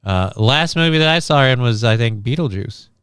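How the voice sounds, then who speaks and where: Casting note: male streamer, casual and crude, smooth clear voice, dry close mic. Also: medium pitch, animated, brisk, a bit bright, no echo. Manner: offhand, profane, reads chat and news aloud. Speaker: livestream host. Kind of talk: casual livestream chat.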